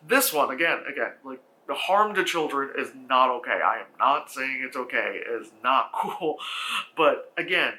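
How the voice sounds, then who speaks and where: A man giving a casual spoken film review, rambling with lots of "like" fillers and swearing, and acting out characters in sudden high shouts.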